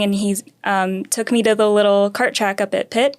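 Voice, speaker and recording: Lively young woman telling a racing story. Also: mid-range voice, normal speed, few pauses, clean tone. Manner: animated storyteller, acts out quotes, laughs often. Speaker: karting racer, podcast guest. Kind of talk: casual storytelling interview.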